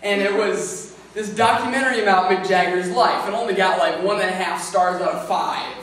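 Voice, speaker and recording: A man's voice: sits high, normal speed, fairly bright tone. A man doing stand-up comedy at an open mic, with a rambling delivery full of fillers, talking through his own laughs. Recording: echoey room from far off.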